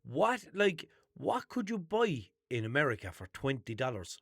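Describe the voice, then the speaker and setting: An Irish man hosts his podcast and chats off the cuff, rambling through a story with slang and the odd curse. His voice sits at a middling pitch and sounds dry and close. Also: big pitch swings, normal speed, vocal fry, fairly bright tone, no echo. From Limerick, Ireland. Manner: exasperated storytelling with swearing and local slang. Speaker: podcast host. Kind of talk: unscripted casual rambling monologue.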